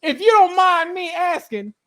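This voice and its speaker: A man's voice: very high voice, sing-song, normal speed, a bit bright. A man hosting a podcast interview, teasing and roasting his guest with lots of laughter. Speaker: podcast host. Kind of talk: casual interview banter.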